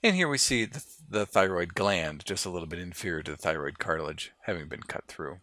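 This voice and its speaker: A man lecturing on anatomy over lab models, his voice bright and forward on a somewhat low pitch. He explains in a relaxed, loose way, pausing on fillers and restarting phrases, recorded close and dry with little room sound. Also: no echo. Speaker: anatomy instructor.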